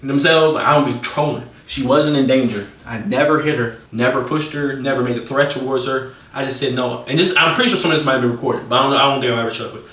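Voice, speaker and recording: A young man from the United States telling a personal storytime in a fast, slangy way, swinging between laughing and hushed. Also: medium pitch, distant mic. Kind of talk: casual storytime monologue. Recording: roomy echo, off-mic.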